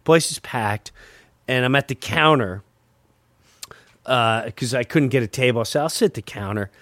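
A man hosting a podcast, telling a story with lively energy and acting out the people in it. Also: medium pitch, moderate pace, no room sound. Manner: animated anecdote teller, acts out quoted people. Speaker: podcast host. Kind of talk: casual storytelling.

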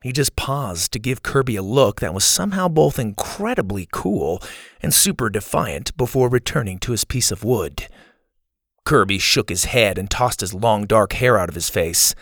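Animated male storybook narrator. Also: lowish voice, normal speed, dry recording, clean studio sound. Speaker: audiobook narrator.

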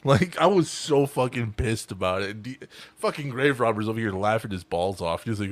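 A man's voice: mid-range voice, big pitch swings, normal speed, no room sound. A man co-hosting a casual reaction show, swearing freely and laughing a lot as he jokes. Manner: loud, swearing, laughs often. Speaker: co-host reacting to a video. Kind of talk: casual profane banter.

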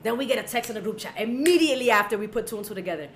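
A woman's voice: on the high side, very fast. A young woman co-hosting a podcast, telling a story in casual chat and acting out the voices of the people in it. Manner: animated, acts out voices in her stories. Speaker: podcast co-host. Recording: echoey room with faint noise.

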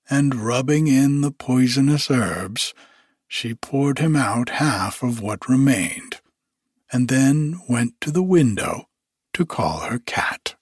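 A man reading a fairy tale aloud as a bedtime story, in an unhurried, expressive way. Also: mid-range voice, breathy edge, no room sound, studio quality.

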